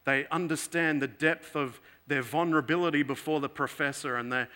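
A man preaching a sermon, telling a story in an earnest way that moves between emphatic and hushed. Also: a little high, fairly quick.

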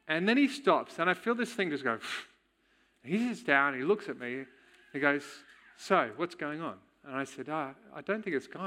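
A man's voice: fairly high pitch, sharp tone. A man, giving a candid personal testimony in a sermon and chuckling now and then as he tells the story. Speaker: church speaker.

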